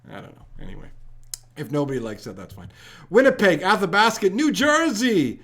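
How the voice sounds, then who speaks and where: A man hosting a live trivia stream, rattling off viewers' locations and shout-outs in an upbeat way. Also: high voice, big pitch swings, fairly quick. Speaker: trivia livestream host.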